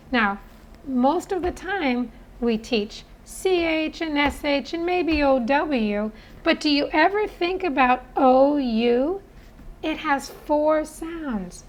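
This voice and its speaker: A woman's voice: high-pitched, poor audio. A woman giving a spoken phonics lesson as a teacher, talking in an earnest, persuasive way.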